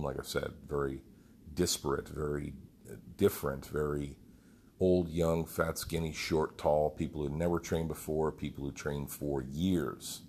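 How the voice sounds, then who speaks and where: A man's voice: rumbling low, creaky, darkish tone, a little hiss or hum. A man who leads a group fitness program, telling a rambling, heartfelt story with some swearing. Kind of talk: casual storytelling monologue.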